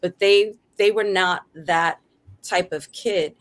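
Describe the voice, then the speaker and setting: A woman's voice: lowish voice, takes it slowly. A middle-aged woman hosting a casual discussion. She talks earnestly and keeps checking in with "right?". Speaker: radio show host.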